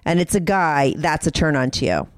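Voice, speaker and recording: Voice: medium pitch, big pitch swings, normal speed, no echo, clean studio sound. A host asking pointed, probing questions.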